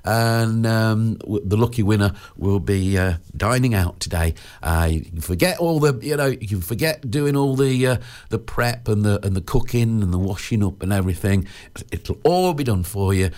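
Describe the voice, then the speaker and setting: A man's voice: lowish voice, lively intonation, normal speed, darkish tone. A man presenting local radio, chatting casually with plenty of fillers and restarts.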